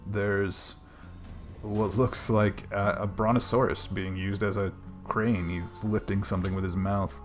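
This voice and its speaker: Game master, male, lowish voice, halting narration with lots of fillers. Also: little pitch movement, soft background music. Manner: hesitant, many ums.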